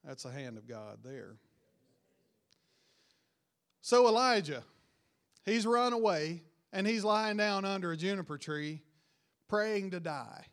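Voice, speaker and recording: A man preaches a sermon, retelling a Bible story with rising emphasis and line endings that drop quietly away. His voice is high-pitched with lively intonation, and he speaks slowly, pausing often.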